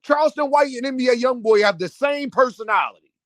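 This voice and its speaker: A man's voice: very high voice, lively intonation, brisk, no echo. A man delivering an impassioned commentary rant, firing off repeated rhetorical questions in a preachy, heated way. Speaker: commentary host.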